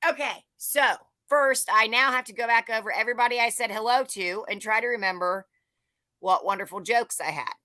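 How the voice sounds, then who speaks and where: A woman's voice: on the high side, brisk, sharp tone, dry recording. A woman hosting a livestream, chatting casually, joking and greeting viewers by name. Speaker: livestream host. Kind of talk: casual live-chat greetings.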